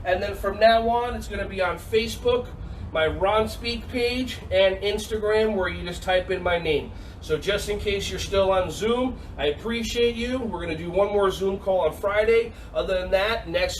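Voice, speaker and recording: A man teaching a silly, energetic online yoga and karate class for kids, teasing them and calling out counts over a video call. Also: high-pitched, moderate pace, far from the mic, slight background noise, low-quality recording. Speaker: kids' yoga and karate instructor. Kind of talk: playful online kids' class.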